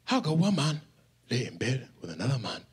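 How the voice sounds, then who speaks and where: A man voicing a shocked older aunt, who lets out high shrieks and drags out her disbelief. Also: wildly swooping pitch, fairly quick, slightly rough, full character voice. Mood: scandalized. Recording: live comedy club with audience laughter.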